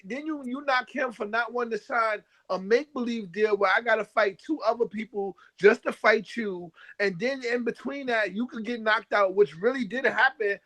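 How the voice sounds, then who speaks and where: Very high-voiced man challenging hard. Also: fairly bright tone, low-quality recording. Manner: interrupting, challenging, repeats "time out". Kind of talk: heated debate on a livestream.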